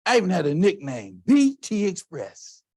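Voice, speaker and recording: A man from Texas giving a motivational keynote, telling stories in an emphatic, animated way. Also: sits high, normal speed. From Texas, USA. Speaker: keynote speaker. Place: conference hall stage.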